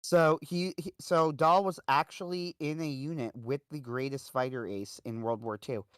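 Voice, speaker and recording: Chatty man with a smooth voice. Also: on the high side, moderate pace, a bit bright, no room sound, clean studio sound. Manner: rambling, full of "uh" and "like". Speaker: livestream host. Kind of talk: casual storytelling monologue.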